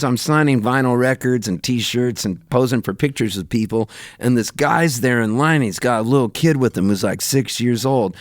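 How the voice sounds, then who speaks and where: Animated storytelling man, dry studio mic. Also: moderate pace, dry recording. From Canada, raised in Southern California. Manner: lively anecdotes, jumps up high when quoting himself, laughs often. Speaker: touring musician, guest. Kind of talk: animated storytelling in a radio interview.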